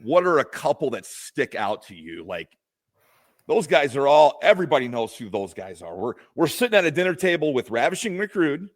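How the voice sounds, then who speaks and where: A man's voice: fairly high pitch, big pitch swings, brisk. A man co-hosting a podcast, asking a guest friendly, open questions. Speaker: podcast co-host. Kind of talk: casual interview hosting.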